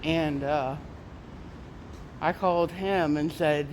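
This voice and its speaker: A campus security officer with a deep voice tells a casual story while walking through a parking garage to her car, recording on a phone held in her hand. She speaks slowly with frequent pauses, animatedly acting out the people in her story by raising her voice for their lines. Slight background noise is audible.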